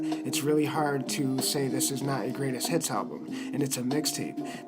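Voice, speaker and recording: Passionate, profane man over loud music. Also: medium pitch, rough recording. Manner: passionate, profane, rambling with fillers. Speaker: music commentator. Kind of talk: emotional music commentary.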